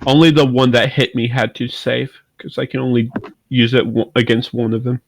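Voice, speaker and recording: A man playing a tabletop game, explaining rules in a halting, casual way. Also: medium pitch, level tone, slight background noise, rough recording. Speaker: player.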